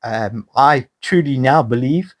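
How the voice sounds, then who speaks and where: A man's voice: mid-range voice, takes it slowly. A middle-aged man from Wales co-hosting a recovery podcast, talking candidly, swearing freely and poking fun at himself. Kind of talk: casual chat.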